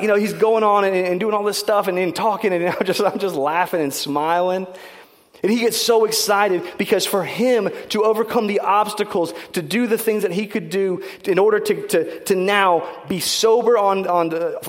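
Animated pastor preaching in a reverberant hall. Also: male voice, high-pitched, moderate pace. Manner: animated, conversational, self-deprecating. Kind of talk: sermon storytelling.

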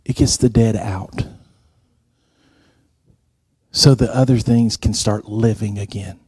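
A man's voice: steady tone, slow pace, darkish tone, breathy edge, no room sound, studio quality. A man giving a sermon, telling stories and acting out the dialogue. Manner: storytelling, acts out quoted dialogue in a higher voice. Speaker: preacher.

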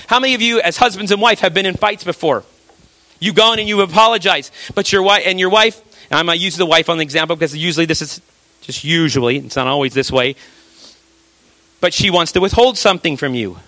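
A man preaching a sermon in a conversational way, with rhetorical questions and a habit of dropping low and quiet for emphasis. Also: a little fast, dry recording. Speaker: pastor.

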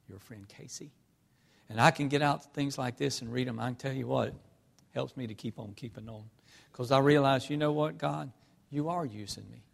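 A man preaching a sermon, telling personal stories with emotion, swinging from hushed tones to loud outbursts. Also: mid-range voice, creaky. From North Carolina. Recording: long hall reverb.

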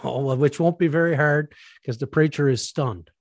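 A man's voice: a little high, normal speed, dry recording. A man hosting a casual podcast chat with his brother, jovial and self-mocking, laughing often. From Newfoundland. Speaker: podcast host; preacher.

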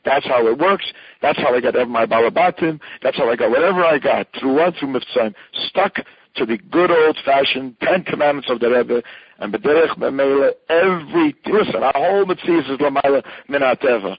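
An older man speaks with fervent conviction, his voice husky and a little breathy. He hammers points home through repetition and drops Yiddish and Hebrew phrases into his talk. The recording is dry and somewhat muffled. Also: medium pitch, a little fast, no room sound. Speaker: Chabad rabbi. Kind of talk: impassioned interview answer.

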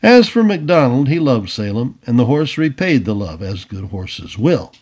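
A man narrating an old adventure story aloud in an expressive storybook reading. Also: mid-range voice, normal speed. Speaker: audiobook reader.

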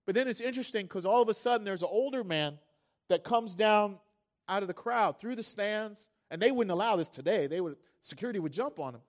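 Man preaching, high voice, storytelling sermon, rises to loud fervent peaks. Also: expressive, fairly quick. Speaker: pastor.

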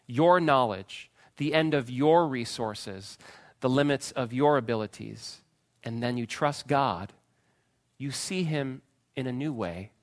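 A man preaching a sermon, retelling a story with dramatic swings from loud pleading cries to hushed, quiet phrases. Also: medium pitch. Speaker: pastor.

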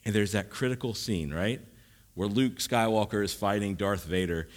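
A man's voice: fairly low pitch, moderate pace. A man preaching a sermon in a conversational teaching style, with jokes and asides. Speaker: pastor.

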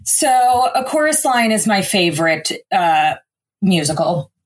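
A woman co-hosts a casual podcast, tossing in quick, playful reactions and jokes. Her voice has a slightly husky edge and sits in a middle range. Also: mid-range voice, big pitch swings. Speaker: podcast co-host. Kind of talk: casual chat.

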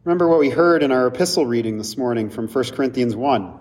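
A man's voice: mid-range voice, quick pace, a little mellow. A man preaches from the pulpit, speaking to his congregation in a conversational way with touches of humor. He sounds set back from the microphone, and his voice rings through a long, echoing church hall. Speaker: pastor. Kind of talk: sermon. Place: church sanctuary. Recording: distant mic with long hall reverb.

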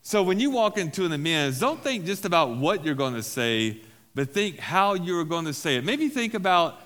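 With big pitch swings, a moderate pace and a slightly bright voice on the high side, this man preaches under a long reverb tail. He's a pastor at a recovery-group meeting in a church hall, speaking casually, repeating key phrases and making jokes at his own expense.

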